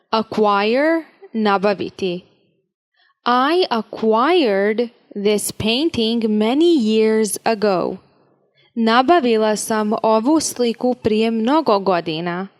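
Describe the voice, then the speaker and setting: A woman teaching vocabulary at a very slow, measured pace, pronouncing each word with care. Her voice sits a little high for a woman. She reads each word and example sentence steadily, like a drill in a lesson. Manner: slow, deliberate, carefully enunciated word-by-word reading. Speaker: language teacher.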